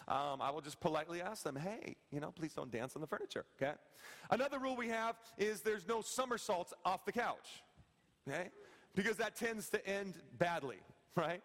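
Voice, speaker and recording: A man in his thirties preaching a sermon in a church, talking conversationally and checking in with the congregation with quick "okay?" and "right?" asides. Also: high voice, fairly bright tone. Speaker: pastor. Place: church sanctuary. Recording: long hall reverb.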